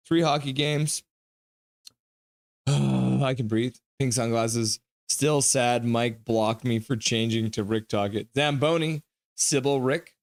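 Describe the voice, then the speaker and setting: A man hosting a live stream, chatting casually, reading out viewer comments and teasing and thanking people by name. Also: mid-range voice. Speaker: livestream host.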